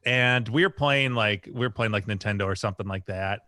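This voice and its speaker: A man's voice: fairly low pitch, brisk, sharp tone, no room sound. A man co-hosting a podcast, telling a childhood story in a laid-back, chuckling way. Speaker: podcast co-host. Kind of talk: casual storytelling.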